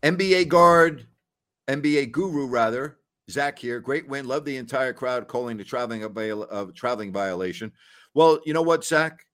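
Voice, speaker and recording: A man's voice: mid-range voice, normal speed, a bit bright. A man in his sixties hosting a sports talk show in a folksy, exclamatory, rambling way. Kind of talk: casual chat.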